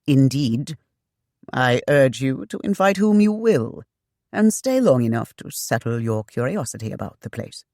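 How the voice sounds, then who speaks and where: A narrator voicing a hearty, cordial gentleman. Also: mid-range voice, sing-song, measured pace, dry recording, studio quality. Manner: effusive, inviting.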